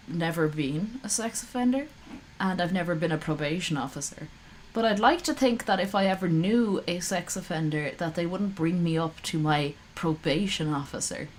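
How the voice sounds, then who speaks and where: A woman's voice: lowish voice, lively intonation, measured pace, slight background noise. A woman streaming live, reacting to a call with sarcastic, profane, rambling commentary.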